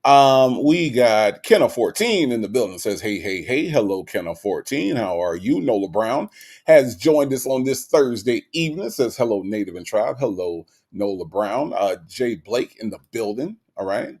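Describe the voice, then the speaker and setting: Animated Gulf Coast man hosting a livestream. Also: mid-range voice, normal speed. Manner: animated, playful, repeats phrases and greetings. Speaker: livestream host. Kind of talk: casual livestream chat greeting viewers.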